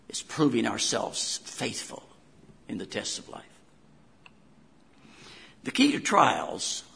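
A man's voice: on the high side, vocal fry, pushed and bright, breathy edge, big-room sound. An older man with a West Virginia accent, a pastor preaching a sermon in a folksy storytelling way with homespun asides.

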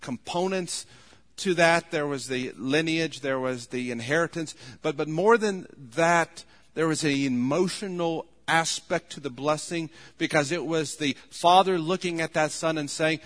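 Man preaching, slightly high voice, earnest, long hall reverb. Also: measured pace. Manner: earnest, rises to loud pleading when quoting. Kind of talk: sermon.

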